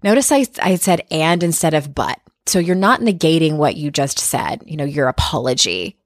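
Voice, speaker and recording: A woman with a low, grounded voice talks through her podcast in a candid, chatty way. She is a life coach, speaks plainly and swears without fuss. The sound is dry and close, with no room around it. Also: very animated, normal speed, hardly any pauses, dry recording. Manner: candid, conversational, swears freely. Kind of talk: casual podcast monologue. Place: home office.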